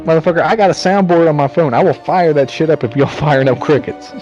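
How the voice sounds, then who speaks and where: A man's voice: fairly high pitch, fast, a little mellow, soft background music. Man with a slightly dull recording. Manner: joking, swearing, summarizing plot. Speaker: podcast co-host. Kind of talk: casual chat.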